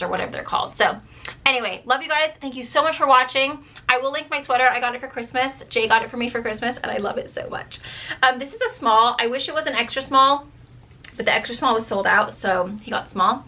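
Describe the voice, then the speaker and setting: Woman, 30s, vlogging mom; bright and forceful, slightly high, rambly and full of "like", throat a bit dry. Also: brisk. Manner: chatty, rambling, says "like" and "dude" a lot. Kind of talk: casual chat to camera.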